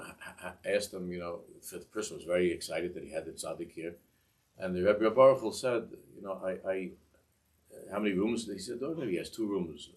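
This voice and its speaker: A man teaching a class who tells a Hasidic story in a rambling, halting way, with many restarts and asides. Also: deep voice, distant mic. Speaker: Torah teacher.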